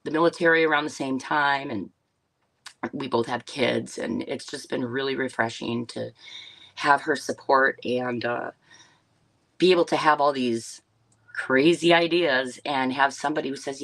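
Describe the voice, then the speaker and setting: Chatty woman with a bright voice. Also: extremely low pitch, moderate pace, no echo, low-quality recording. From Wisconsin, US. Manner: rambling and chatty, with many fillers and asides to viewers. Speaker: livestream host and business owner. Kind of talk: casual livestream monologue.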